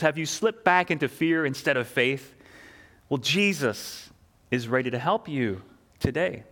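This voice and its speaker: His voice on the high side with a fairly bright tone, a pastor preaches a sermon. The man is earnest and emphatic, repeating key phrases and asking rhetorical questions.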